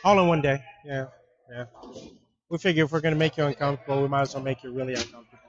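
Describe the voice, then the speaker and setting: A man coaching a student in a relaxed, encouraging way, often trailing off mid-sentence. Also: medium pitch, racing, poor audio. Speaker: bowling coach. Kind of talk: casual coaching talk.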